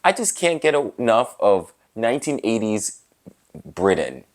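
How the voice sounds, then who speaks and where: A man's voice: lowish voice, big pitch swings, unhurried. A man voicing his middle-aged mother, who dotes dreamily on old British television. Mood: doting.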